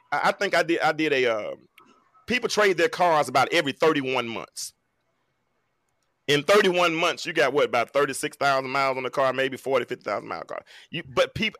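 Man in his forties, panel talk, preacherly and emphatic, bright forceful tone, dry close sound. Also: high-pitched, no room sound. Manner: preacherly, emphatic, folksy with self-mocking jokes. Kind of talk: animated panel discussion.

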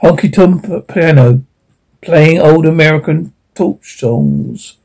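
A man reading aloud the stage directions of an old radio drama script in a flat, matter-of-fact way. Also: on the high side, takes it slowly, gravelly, slightly rough, poor audio. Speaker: script reader.

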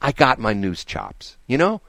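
A man hosting a radio talk show, giving his opinions in an animated, talkative way and mocking the people he disagrees with. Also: medium pitch, measured pace, no room sound. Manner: animated, mocking imitations of others. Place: radio studio.

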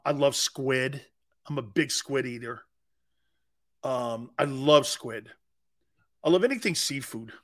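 A man hosting a sports talk show, chatting casually, joking and laughing as he answers viewers' comments. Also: on the high side. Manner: joking, laughing, wide swings in loudness. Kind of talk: casual chat, reading live chat.

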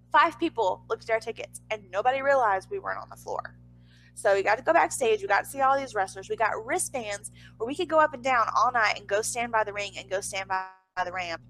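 A chatty woman tells a personal anecdote in a slightly high voice, filling her talk with "like" and a casual curse here and there. A faint hum sits under her voice. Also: a bit bright, poor audio. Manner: chatty, lots of "like", swears casually; acts out others' lines in a higher voice.

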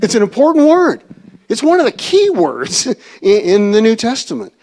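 A man's voice: high-pitched, sing-song, moderate pace, a little mellow. A man teaching a church Bible study in a conversational way, asking the audience questions.

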